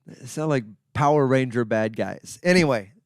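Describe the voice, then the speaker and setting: A man's voice: mid-range voice, normal speed, clear, resonant tone, no room sound, clean studio sound. A man hosting his own podcast, talking in a casual, rambling monologue with wry, self-deprecating asides. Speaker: podcast host.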